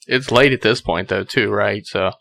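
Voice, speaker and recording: A man's voice: on the low side, moderate pace, creaky, fairly bright tone. A man co-hosting a podcast, chatting casually and asking short follow-up questions. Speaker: podcast host. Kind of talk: casual chat.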